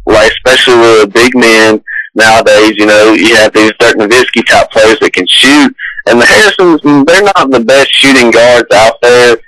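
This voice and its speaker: A man from Alabama calling in as a basketball recruiting guest, talking haltingly with many fillers. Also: mid-range voice, sharp tone, no room sound, rough recording. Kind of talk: casual phone interview.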